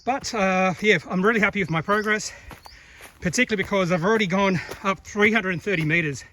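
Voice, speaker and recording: A man with a high, pushed, bright voice talks a little fast while vlogging his hike along a rainforest trail. He's chatty and rambling, using lots of fillers and correcting himself, with a little hiss or hum in the audio.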